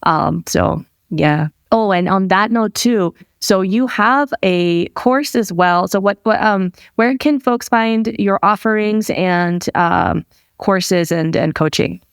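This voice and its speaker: A woman hosting a podcast, talking in a relaxed, candid way and swearing casually. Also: medium pitch, takes it slowly, vocal fry, smooth, no echo, clean studio sound. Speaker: podcast host. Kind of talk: casual interview chat.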